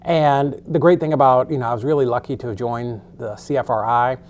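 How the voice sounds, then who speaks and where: A man's voice: medium pitch, steady tone, brisk, darkish tone. A middle-aged man teaching a real estate course in a casual storytelling way, loose and chatty, with frequent swearing.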